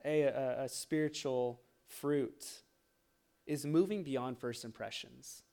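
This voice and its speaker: A man's voice: medium pitch, steady tone, slow pace, vocal fry, dark tone. A young man preaching a sermon, telling a self-mocking personal story with laughter. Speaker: pastor.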